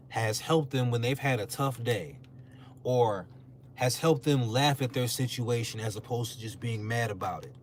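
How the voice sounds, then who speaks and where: Animated young man ranting on a podcast. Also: mid-range voice, slight background noise. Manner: animated, emphatic, slangy, mocking quoted voices. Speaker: content creator on a podcast. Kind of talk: casual talk-show rant.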